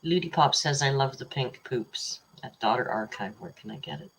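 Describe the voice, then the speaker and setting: Low husky-voiced woman, chatty livestream host, rambling and teasing, reads super chats. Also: animated, moderate pace. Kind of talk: casual live chat reading super chats.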